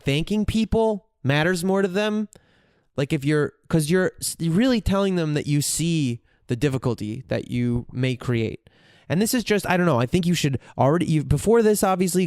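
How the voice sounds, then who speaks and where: A man's voice: a little high, a little mellow, clean tone, dry recording, studio quality. A man hosting a solo podcast, talking candidly and profanely as he thinks aloud, often restarting his sentences. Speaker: podcast host. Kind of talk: reflective solo podcast monologue.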